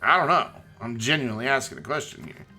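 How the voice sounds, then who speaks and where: A man streaming a game, chatting casually and joking in a rambling, animated way. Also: medium pitch, quick pace, music in the background. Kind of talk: casual chat while playing a game.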